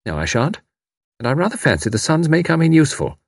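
A man reading an audiobook, voicing a lively, mischievous young woman spy who talks in a breezy, self-assured way. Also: fairly high pitch, fast, creaky, dry recording, clean studio sound, voice pushed up, full character voice. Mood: playful.

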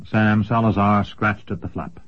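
A man narrating a fantasy audiobook in a measured storytelling voice. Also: lowish voice, steady tone. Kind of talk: scripted narration. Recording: dull lo-fi recording.

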